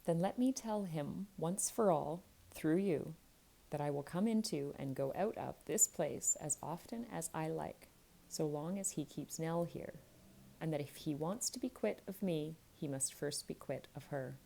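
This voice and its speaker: A woman's voice: deep voice, unhurried, gravelly, mellow, a little hiss or hum, poor audio. A woman voicing a spiteful young man who sneers and speaks bitterly, in a bedtime storybook reading. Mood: defiant. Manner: sneering, defiant.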